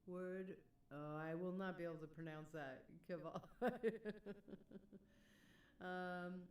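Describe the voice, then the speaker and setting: Slow-talking woman streamer. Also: fairly low pitch, fairly even intonation, roomy sound, recorded from a distance. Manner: chatty, laughs often, reads chat aloud. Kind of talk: casual live-stream chat.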